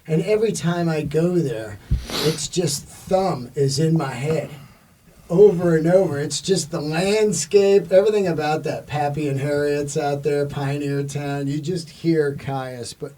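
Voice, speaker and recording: A man's voice: fairly high pitch, unhurried, dark tone, far from the mic, slight background noise, rough recording. A man hosting a casual music interview, laid-back, laughing often and swearing casually. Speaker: podcast host.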